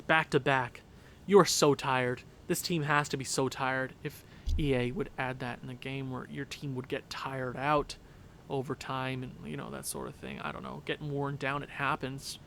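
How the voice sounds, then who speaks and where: A young man commentating a hockey video game with a worn-out voice, yelling and repeating himself at big plays. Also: mid-range voice, vocal fry. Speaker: gaming YouTuber. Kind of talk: excited play-by-play over a hockey video game.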